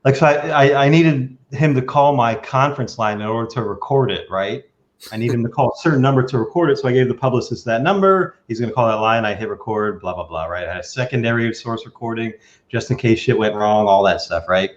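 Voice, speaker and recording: A man hosting a podcast, telling stories in a casual, animated way. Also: mid-range voice, quick pace, lo-fi sound. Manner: animated, acts out quoted lines. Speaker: podcast host. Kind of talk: casual storytelling chat.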